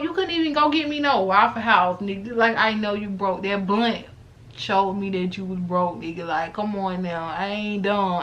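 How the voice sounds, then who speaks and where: A woman in her late twenties telling a story straight to her viewers, animated and blunt, swearing freely and repeating lines for emphasis. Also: mid-range voice, lo-fi sound. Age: late 20s. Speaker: vlogger. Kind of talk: casual story time monologue.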